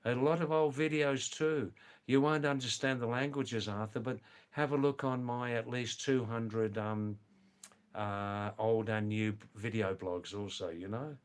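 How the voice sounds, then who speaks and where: Older guy on a livestream, talks slow, rambles, chats w viewers by name. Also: mid-range voice, steady tone. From lives in the Himalayas of northern India. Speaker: livestream host. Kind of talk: casual live stream chat with viewers.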